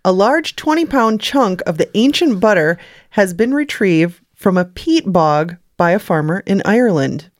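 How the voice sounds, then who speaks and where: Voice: medium pitch, very animated, measured pace, no room sound, studio quality. A podcast co-host reading odd news stories in casual, amused banter. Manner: amused, laughs often.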